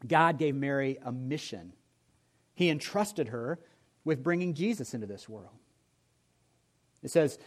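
A man preaching a sermon as pastor, telling stories with humor and shifting between loud and soft delivery. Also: mid-range voice, measured pace, pauses often. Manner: storytelling with humor, lively swings in volume.

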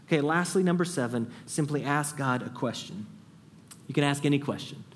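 Preacher guy, kinda high voice, earnest, goes big then real quiet, long echo in the church. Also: animated, brisk, a little hiss or hum. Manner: earnest, rises to an urgent high pitch when stressing a point; drops to a soft hush when voicing a prayer. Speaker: pastor. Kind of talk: sermon. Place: church sanctuary. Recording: long hall reverb.

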